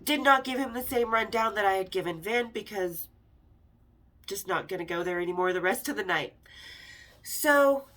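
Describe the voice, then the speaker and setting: A woman's voice: mid-range voice, expressive, moderate pace, long pauses, a bit bright. A middle-aged woman from Las Vegas hosting a podcast, telling a personal story candidly with swearing and acted-out dialogue. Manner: candid and profane, acting out quoted dialogue. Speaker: podcast host.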